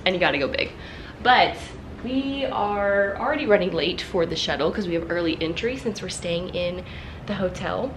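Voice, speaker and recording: A chatty young woman hosting a casual travel vlog, excitable and quick to laugh. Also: fairly low pitch, a little hiss or hum, low-quality recording. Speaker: vlogger. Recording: music playing under the voice.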